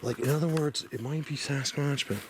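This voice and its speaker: A man walking through a forest and talking to his camera, rambling and excitable with lots of fillers, a bit out of breath. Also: on the high side, brisk. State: slightly out of breath. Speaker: outdoor video blogger. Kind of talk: casual walking commentary. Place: outdoors in a forest. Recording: noisy outdoor field recording.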